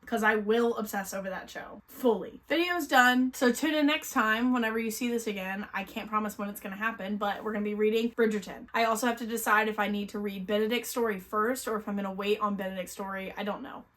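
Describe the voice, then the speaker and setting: A young woman vlogging a casual book review, blunt and animated, swearing freely as she talks. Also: medium pitch, fast talker, few pauses.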